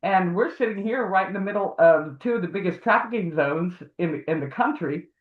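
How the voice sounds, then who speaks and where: A woman's voice: on the low side, lively intonation, brisk. A woman speaks as a guest on a casual livestream. She rambles through her story and acts out the voices of the people she quotes. Her audio is narrow and phone-like, with a hollow echo around it. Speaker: guest, advocate for harassment victims. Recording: tinny phone-like echoey audio.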